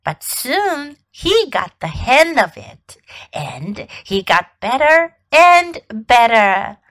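A woman from China, a children's English teacher and host, reading a picture book aloud in a gentle, sing-song way. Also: fairly high pitch, very animated, takes it slowly, dry recording. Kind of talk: bilingual storybook reading.

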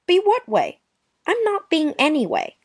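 A woman's voice: fairly low pitch, sing-song, moderate pace. A woman playing a prim, offended young woman. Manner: sarcastic, wounded politeness. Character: touchy young woman, prim and passive-aggressive. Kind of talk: dramatized short story reading.

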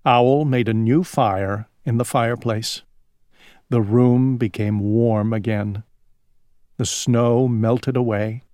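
A man reading a children's picture book aloud in a slow, expressive storytelling manner. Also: mid-range voice, no room sound. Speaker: storybook reader.

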